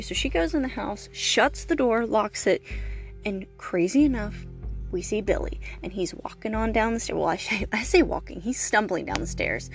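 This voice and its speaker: A woman hosting her podcast, retelling a story in an easy, chatty way, with plenty of fillers and the odd curse word. Her voice sits at an ordinary middle pitch. Faint music plays quietly underneath. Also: normal speed. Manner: chatty, animated storytelling with many fillers and swearing. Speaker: podcast host. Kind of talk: casual movie recap and review.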